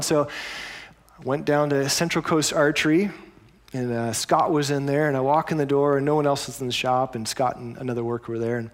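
A man's voice: mid-range voice, steady tone, moderate pace. A man preaching a sermon as pastor, telling stories in a conversational way with explanatory asides.

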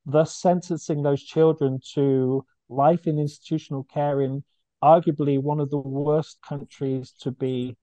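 A man's voice: fairly high pitch, little pitch movement, a little slow, dark tone, dry recording, dull audio. A man, a charity founder, telling his story earnestly and with feeling in a podcast interview, often restarting his sentences. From United Kingdom.

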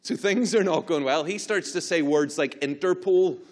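A young man with a Northern Irish accent gives a sermon. He tells a funny story, mocks himself and acts it out with lively swings of voice before turning to a spiritual point. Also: on the high side, normal speed. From Northern Ireland. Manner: animated, self-mocking storyteller. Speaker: preacher.

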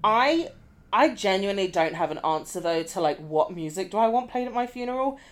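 A woman with a London accent, co-hosting a podcast in casual chat, giggly and quick to swear. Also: medium pitch. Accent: London English. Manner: giggly, swears freely, lively. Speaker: podcast co-host.

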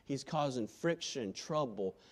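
A male preacher giving a sermon, quoting scripture in old-fashioned wording and swinging from shouted appeals to hushed, quiet lines. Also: mid-range voice, lively intonation, unhurried. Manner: impassioned, swinging from loud shouting to hushed tones.

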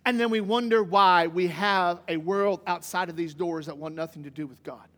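Man, pastor, very high voice, animated sermon, long hall echo. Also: normal speed. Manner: animated, swings from loud emphasis to hushed.

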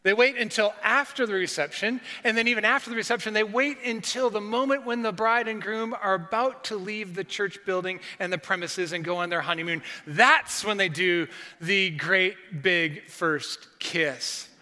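A middle-aged man preaching a sermon as a pastor, telling stories in an animated way and acting out what people said. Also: sits high, normal speed, in a large hall. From northern United States. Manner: animated storytelling with acted-out quotes.

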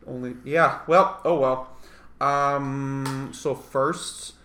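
A man's voice: mid-range voice, fairly even intonation, extremely slow, bright, forceful tone, roomy sound. A man co-hosting a podcast in casual chat, rambling and joking and swearing freely. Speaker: podcast co-host.

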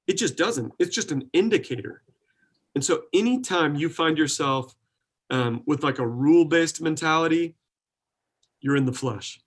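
A young adult man, a pastor, talking earnestly in a relaxed preaching way, full of likes and restarts. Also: a little high, moderate pace, slightly rough. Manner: earnest, filler-heavy, with many likes and restarts. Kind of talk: casual preaching in conversation.

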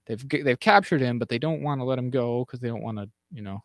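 A man co-hosting a casual podcast, rambling through recaps with fillers and restarts, dropping into quick mimicked lines. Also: mid-range voice, no echo, clean studio sound. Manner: mimics characters in quick acted asides. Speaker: podcast co-host. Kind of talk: casual chat.

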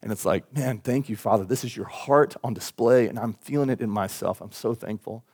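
A man's voice: fairly low pitch, fairly quick, breathy edge. A man preaching a sermon at a church service, talking in a conversational, earnest way and telling stories with energy. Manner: conversational, earnest, animated storytelling. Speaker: pastor.

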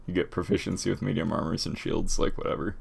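Man, low-pitched, casual podcast chat, rambling, lots of likes and ums. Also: level tone, fast talker, vocal fry, darkish tone, breathy edge. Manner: rambling, laughs often, many fillers. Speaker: podcast co-host. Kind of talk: casual chat about tabletop game characters.

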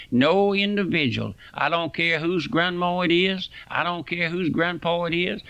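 Fiery preacher man, gravelly. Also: on the high side, fairly bright tone, dry recording, dull audio. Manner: impassioned, preachy, folksy sayings. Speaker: radio preacher. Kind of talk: fiery radio sermon.

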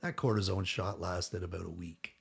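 A man's voice: low-pitched, fairly even intonation, moderate pace, vocal fry, husky. A middle-aged man telling a long story as a podcast guest, rambling and acting out what others said, with casual swearing.

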